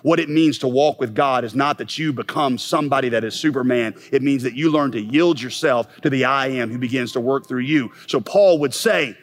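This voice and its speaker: A man's voice: medium pitch, a little fast, few pauses. A middle-aged man preaching a sermon as pastor, impassioned and building to emphatic peaks.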